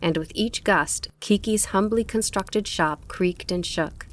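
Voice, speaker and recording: A woman narrating an audiobook in a calm, measured storytelling manner. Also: mid-range voice, slight background noise. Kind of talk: scripted narration.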